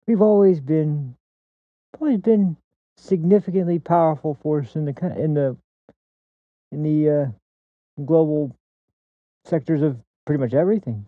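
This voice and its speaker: A man's voice: medium pitch, dry recording, narrow, tinny audio. A man hosting a podcast, delivering a blunt, crude political commentary monologue that rambles with many restarts. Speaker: podcast host.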